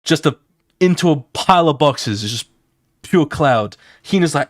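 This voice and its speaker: Excitable young man narrating his comic. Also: on the high side, unhurried, dry recording, studio quality. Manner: excitable, swears often, acts out scenes with sound effects. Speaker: streamer. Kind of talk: casual live-stream chat while drawing.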